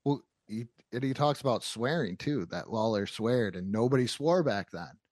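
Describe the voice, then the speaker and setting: A man's voice: medium pitch, expressive, normal speed, a little mellow, no room sound, studio quality. A man chatting casually as a podcast co-host, building his points with frequent restarts.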